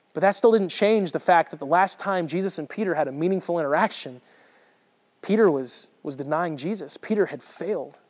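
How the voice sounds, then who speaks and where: A man's voice: high voice, darkish tone. Guy preaching, chatty with lots of restarts, long echo like a big hall. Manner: conversational, frequent restarts and repeated words. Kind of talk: sermon.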